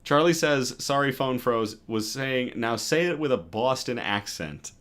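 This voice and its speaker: A man hosting a news livestream, reading stories aloud and chatting with viewers between them in a lively, self-correcting way. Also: medium pitch, unhurried. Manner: lively, reads chat comments aloud and self-corrects with a laugh. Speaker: news show host.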